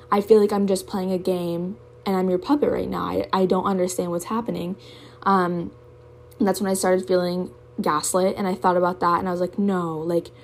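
A woman's voice: fairly low pitch, darkish tone, a little hiss or hum. A young woman speaks in a candid personal monologue for her podcast. She is emotional and open and curses freely as she works through her feelings. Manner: emotional, candid, swears often. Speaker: podcast host.

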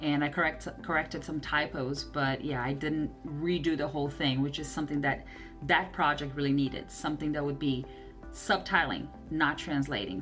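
A woman hosting a podcast about translation work, telling stories in a chatty way and acting out the voices she quotes. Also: low-pitched. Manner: animated storytelling, acts out quoted voices. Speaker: podcast host, translator and subtitler. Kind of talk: casual podcast talk.

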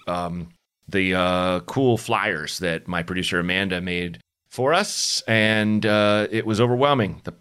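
A man's voice: fairly low pitch, fairly bright tone, clean tone. A man in his thirties hosting a comedic advice call-in podcast, rambling and self-deprecating, with many fillers and restarts. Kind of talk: casual comedic podcast chat.

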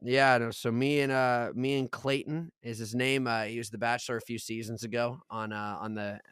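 A young man co-hosting a podcast, telling stories in a casual chat, animated and laughing, swearing and acting out quotes. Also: medium pitch, normal speed, clean tone, no echo, clean studio sound. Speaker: podcast co-host.

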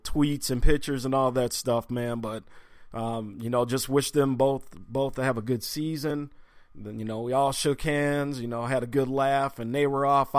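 Brief: man, sports podcast host, middle pitch, dry close sound, loose rambling delivery full of ums. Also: no echo. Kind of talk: casual spoken tribute and storytelling.

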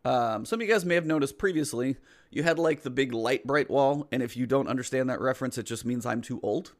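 A man's voice: medium pitch, brisk. A middle-aged man co-hosting a casual gaming podcast, chatty and explaining at length. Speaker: podcast co-host.

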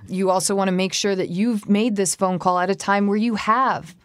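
A woman's voice: mid-range voice, fairly even intonation, normal speed. A woman co-hosting a casual advice chat, telling personal stories and acting out quotes as she goes. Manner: conversational, tells personal anecdotes with acted-out quotes. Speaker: co-host.

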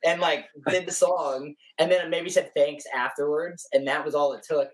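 A man guest on a casual podcast, telling animated stories packed with fillers. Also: a little high, normal speed, distant mic, poor audio. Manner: animated storyteller, heavy on fillers. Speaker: guest musician. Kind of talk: casual chat.

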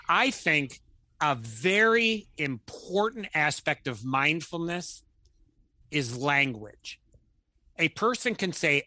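A man's voice: fairly high pitch, no echo. A man talking as a guest counselor, telling stories in conversation and acting out the voices of the people he quotes. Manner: animated storyteller who acts out quoted voices. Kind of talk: conversational storytelling.

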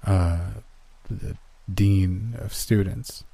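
A man's voice: sits low, steady tone, very slow, vocal fry, warm tone, husky, no echo, exaggerated voice. A man voicing a hesitant, nervous older male college dean in a story reading.

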